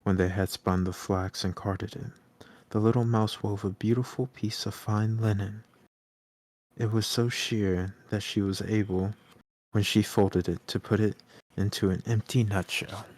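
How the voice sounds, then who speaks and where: A man calmly reading a storybook aloud on a live stream. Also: fairly low pitch, a little slow, dry recording.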